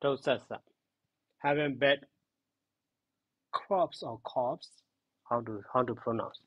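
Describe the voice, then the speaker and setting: Calm man teaching grammar slowly. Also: medium pitch, husky, no room sound, muffled recording. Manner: slow, repeats terms and glosses them. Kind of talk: classroom grammar lesson.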